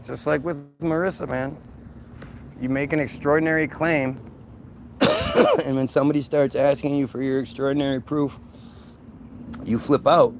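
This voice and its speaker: A man's voice: mid-range voice, creaky, slight background noise. A man hosting a solo livestream, talking in a combative, sarcastic way to a rival and his viewers. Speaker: livestream host.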